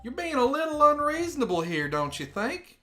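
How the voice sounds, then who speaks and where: A man's voice: extremely high pitch, sing-song, moderate pace, bright, forceful tone, faint music behind, voice pushed up, heavily acted. A man doing a poised, condescending young woman.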